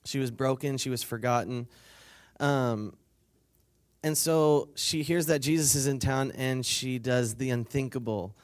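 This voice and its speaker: A man's voice: mid-range voice, a little slow. A man preaching a casual, conversational sermon at a weekend retreat, reading scripture and acting out the people in it, laughing and asking the crowd to answer back. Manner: conversational, acts out quotes, asks the crowd for responses.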